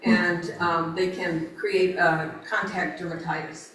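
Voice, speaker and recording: Woman, casual garden talk, slow unhurried delivery, bright tone, laughs a lot. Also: on the low side, little pitch movement. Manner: chatty, laughs often, many fillers. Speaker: garden speaker. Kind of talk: informal nature talk. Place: outdoor garden event. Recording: roomy, distant mic, faint ambience.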